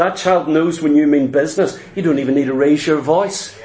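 A man's voice: sits high, moderate pace, hardly any pauses, fairly bright tone. A man preaching a sermon, emphatic and repetitive, acting out little scenes as he goes.

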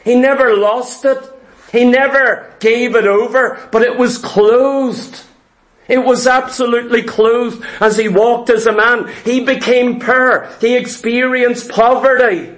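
A man's voice: extremely high pitch, fairly even intonation, a little slow, roomy sound. A man preaching a fervent sermon, asking his congregation question after question and repeating words as he presses his points.

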